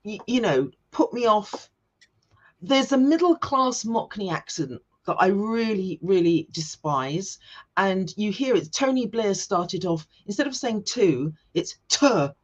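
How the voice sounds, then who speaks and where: A woman's voice: medium pitch, expressive, a little slow, muffled recording. A woman from England in a casual chat as a guest, opinionated and restarting her sentences often. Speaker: guest writer and comedian.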